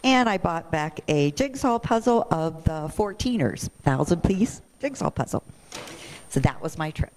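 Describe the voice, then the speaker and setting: A woman's voice: on the low side, expressive, measured pace, darkish tone, a little hiss or hum. A woman at a club meeting chatting enthusiastically about a recent trip. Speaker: club member sharing travel news.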